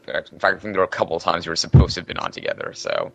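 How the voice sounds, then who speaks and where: A man's voice: low-pitched, huge pitch swings, rapid-fire, vocal fry. A man who works as a games journalist, chatting as a guest on a podcast in a rambling way. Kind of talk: casual podcast chat.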